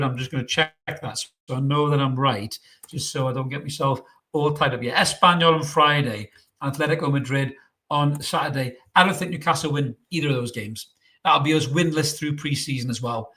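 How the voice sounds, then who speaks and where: A man with a fairly high-pitched voice vents straight to camera in a solo fan vlog. He sounds fed up and blunt, swears freely, and drives his points home by repeating them. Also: fairly bright tone. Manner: repetitive and emphatic. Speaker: football fan vlogger. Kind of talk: solo opinion rant to camera.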